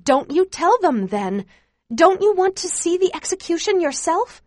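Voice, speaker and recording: A woman reading the lines of a determined young girl, pleading high and insistent. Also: big pitch swings, a little slow, dark tone, no echo, clean studio sound, heavily acted. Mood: eager.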